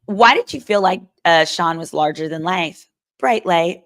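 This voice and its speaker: A woman's voice: lowish voice, normal speed, vocal fry, fairly bright tone. A woman lawyer hosting a live stream, reading chat comments and giving sassy, chatty legal commentary.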